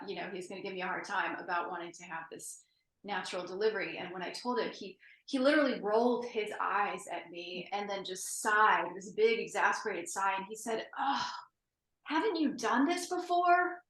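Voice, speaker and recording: A woman host tells her story in a chatty, laughing manner. Her voice has a bright, sharp edge and sits in a roomy, echoing space. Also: mid-range voice, moderate pace. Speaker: podcast host and author. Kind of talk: conversational interview. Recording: roomy echo.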